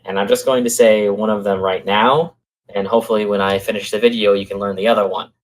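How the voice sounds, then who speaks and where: A man's voice: lowish voice, steady tone, fast, poor audio. A man co-hosting a casual podcast chat, earnest and explaining his plans at length. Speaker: podcast co-host.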